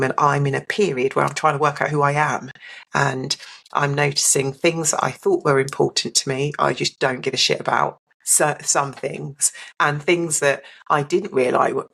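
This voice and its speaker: A woman's voice: a bass voice, gravelly. A woman giving a candid, reflective personal account as a podcast guest. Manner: reflective and open, mimics others in a brighter voice.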